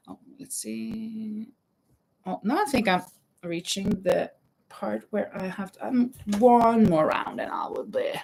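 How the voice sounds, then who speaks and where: A woman's voice: medium pitch, takes it slowly, gravelly, pauses often, a little mellow, a little hiss or hum. A woman hosting a casual live stream, chatting while she crochets, reading viewer comments aloud and laughing often. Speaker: livestream host. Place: home in Spain.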